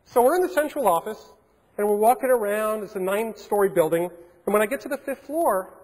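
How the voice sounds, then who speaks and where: A man in his forties giving a keynote at a hotel conference, telling animated anecdotes with plenty of fillers. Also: high voice, brisk. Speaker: keynote speaker. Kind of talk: storytelling keynote. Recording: long reverb of a large hall.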